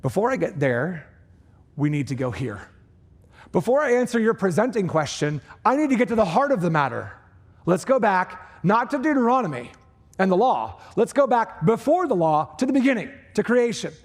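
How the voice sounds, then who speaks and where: A pastor preaching a conversational sermon in a church, with lively asides to the congregation. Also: male voice, high-pitched, normal speed. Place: church sanctuary.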